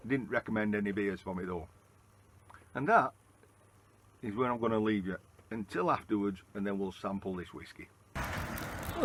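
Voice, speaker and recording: A man's voice: fairly low pitch, fairly bright tone, husky. A man from Lancashire with a Lancashire accent, telling a rambling travel-vlog story on a town street and in a pub, with plenty of "uh"s along the way. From Lancashire, England. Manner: chatty, rambling storyteller with frequent "uh"s. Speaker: travel vlogger. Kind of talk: casual walking vlog narration. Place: outdoors on a town street, then inside a pub.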